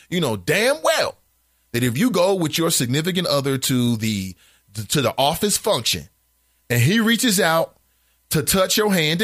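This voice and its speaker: A man's voice: on the high side, no echo, studio quality. A man hosting a casual call-in show, reading listener comments aloud and reacting with incredulous asides. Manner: animated, incredulous asides with laughs; reads comments aloud in a flatter tone.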